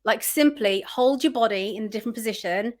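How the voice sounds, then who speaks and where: A woman's voice: a little high, brisk. A woman guest on an interview show, giving earnest, encouraging tips as a spiritual coach. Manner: earnest, encouraging advice-giver. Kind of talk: casual interview chat.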